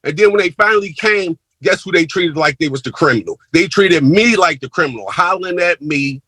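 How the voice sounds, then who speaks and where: A man's voice: fairly high pitch, fairly quick, bright, forceful tone, slightly rough, dry recording, poor audio. A crime victim, a man, giving a heated, emphatic victim impact statement to a court over a video call.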